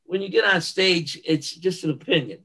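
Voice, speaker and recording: An older man, a guest on a podcast, telling stories in a casual interview. He is animated and emphatic, and he often repeats himself for effect. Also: sits high, moderate pace, vocal fry, slightly rough, low-quality recording. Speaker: guest, retired bodybuilder. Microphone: podcast microphone.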